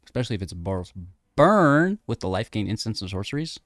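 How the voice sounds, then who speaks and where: A man's voice: on the low side, big pitch swings, fast talker, a bit bright, no room sound, studio quality. A man giving upbeat, chatty commentary on a card game deck and his matches, thinking aloud as he plays. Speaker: gaming content creator.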